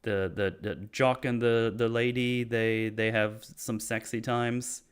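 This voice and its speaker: A man's voice: mid-range voice, little pitch movement, slow, clean tone. A man hosting a casual movie discussion podcast, retelling scenes with acted-out quotes and swearing. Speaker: podcast host.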